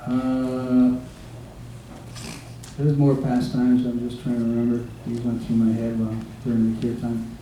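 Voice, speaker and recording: A man with a dark, mellow voice rambles through devotional stories, stopping and restarting as he remembers. He is picked up from a distance in a very echoey room, with a faint hiss underneath. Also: medium pitch, completely flat delivery. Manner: rambling, halting with many fillers and restarts. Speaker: guest speaker. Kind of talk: informal devotional remembrance talk. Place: devotees' home, recorded from across a room.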